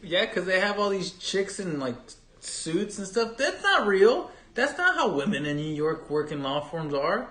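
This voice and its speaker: A man co-hosting a casual chat with his wife, joking and animated. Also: sits high, a little slow. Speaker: co-host. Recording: roomy echo.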